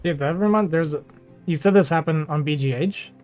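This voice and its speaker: Chatty man with a slightly high voice. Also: a little fast, darkish tone, soft background music. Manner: chatty, laughs often, trails off with fillers. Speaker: streamer and game player. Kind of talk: casual chat.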